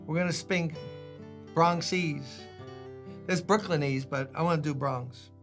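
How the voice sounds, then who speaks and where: A man's voice: fairly high pitch, unhurried, fairly bright tone, soft background music. An older man with a New York accent preaching a sermon, joking casually with the congregation before reading scripture with rising emphasis. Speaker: pastor.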